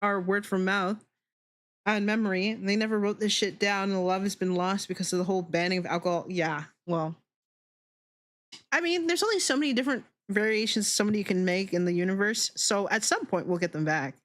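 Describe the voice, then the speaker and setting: A woman's voice: medium pitch, brisk. A woman VTuber streamer in casual chat, ranting with lots of swearing and laughing often.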